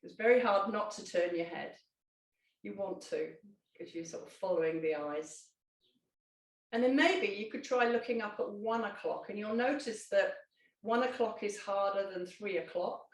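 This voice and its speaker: Woman, Pilates instructor, calm gentle guidance, roomy sound, a bit far from the mic. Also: medium pitch, moderate pace. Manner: calm, gentle guiding with fillers and self-corrections. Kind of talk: guided exercise instruction. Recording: echoey room, voice off-mic.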